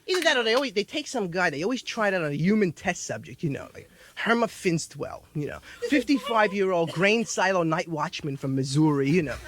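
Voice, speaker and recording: This is a young man doing stand-up, riffing loosely with constant "you know"s. His voice is high and animated. The sound comes from an old, noisy vinyl record. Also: fairly quick. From United States. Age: 20s. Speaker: stand-up comedian. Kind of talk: stand-up comedy. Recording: noisy vintage vinyl album.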